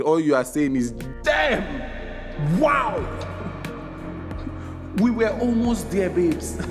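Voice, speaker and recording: A young man doing a casual, joking review, animated, with bursts of loud exclamations. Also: fairly high pitch. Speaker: video reviewer.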